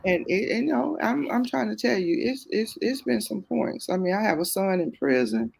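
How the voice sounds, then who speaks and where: A Southern-accented woman guest gives heartfelt testimony in conversation, her medium-pitched voice creaky, slightly rough and darkish, with big pitch swings at a moderate pace. Faith drives her words, and she circles back to the same phrases to stress them.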